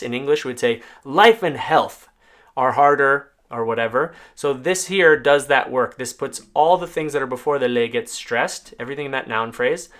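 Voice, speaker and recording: A man's voice: mid-range voice, a bit bright. A man teaching a language lesson, patiently explaining song lyrics and checking in with "right?" as he goes.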